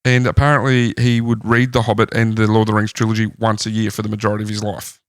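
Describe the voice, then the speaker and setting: A man hosting a casual podcast, retelling researched facts about a life story in a relaxed way. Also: lowish voice, fast, no echo, clean studio sound. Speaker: podcast host. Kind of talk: casual chat.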